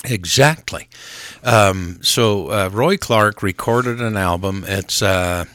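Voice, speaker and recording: A man's voice: fairly low pitch, slow pace, fairly bright tone, no echo, studio quality. A man hosting a country radio show, folksy and chuckling as he chats. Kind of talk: casual radio chat.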